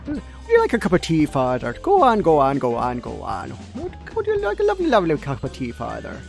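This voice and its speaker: A man impersonating an eager, pushy older Irish housekeeper woman in a high, insistent put-on Irish accent. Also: huge pitch swings, brisk, gravelly, soft background music, full character voice. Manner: high, insistent, repetitive offering.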